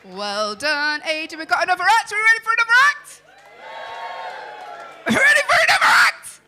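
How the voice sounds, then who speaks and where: Shrill, shouting compère in a noisy club. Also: wildly swooping pitch, brisk. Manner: shouting to hype the crowd. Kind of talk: introducing acts.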